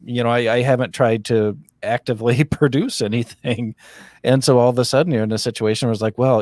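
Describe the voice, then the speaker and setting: A man co-hosting a casual video-call chat, rambling and joking, with slow emphatic stretches. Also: medium pitch, darkish tone, no echo, studio quality. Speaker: co-host.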